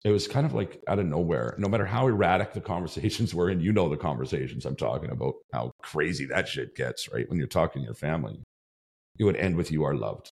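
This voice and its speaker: A man's voice: very deep voice, lively intonation, quick pace, vocal fry, darkish tone. A male podcast host telling a story in casual chat, rambling and swearing freely, tagging his sentences with "right?". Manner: rambling, profane, tags lines with "right?".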